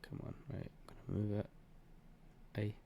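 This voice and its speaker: A man walking through trading charts in a blunt, heavily profane and scornful way, punctuating points with bursts like boom and bish bash bosh. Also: completely flat delivery, measured pace, creaky, dark tone, a little hiss or hum. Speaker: trading educator. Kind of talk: live chart walkthrough.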